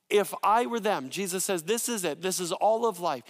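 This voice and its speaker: Male pastor with a higher-than-usual voice, delivering an emphatic, repetitive sermon full of rhetorical questions. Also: lively intonation, normal speed, hardly any pauses.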